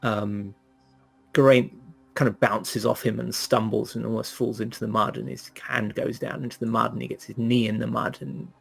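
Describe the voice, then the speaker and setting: A man narrating a tabletop game as game master, hesitant and filling pauses with ums. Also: mid-range voice, flat delivery, vocal fry, breathy edge, faint music behind.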